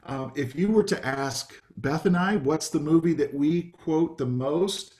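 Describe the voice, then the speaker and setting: A man's voice: fairly high pitch, unhurried, a little mellow. A man, a pastor, preaching a conversational sermon over a video call, with frequent ums and light asides.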